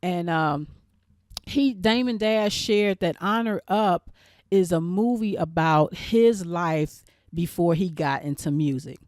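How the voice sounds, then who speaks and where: A woman with a lowish voice chats through a TV episode recap, loose and rambling, full of fillers and self-corrections. Her sound is dry and close, with no room around it. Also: slow, darkish tone, dry recording. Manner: chatty and rambling, many fillers and restarts. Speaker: show reviewer and channel host.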